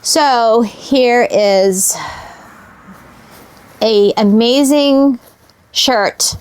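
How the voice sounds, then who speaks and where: On the high side yet darkish and clean in tone, this woman's voice accompanies her unpacking of vintage fabric scraps. She speaks to her viewers in a slow, musing, wistful way, a sentimental and casual show-and-tell vlog.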